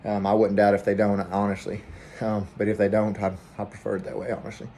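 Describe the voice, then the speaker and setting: A man with a Southern US accent, talking quietly and rambling in a casual vlog from a hotel room. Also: fairly low pitch, completely flat delivery, fast talker, slight background noise. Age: adult, family man with kids. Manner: rambling, hushed so neighbors won't hear. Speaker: vlogger, trucking trainee.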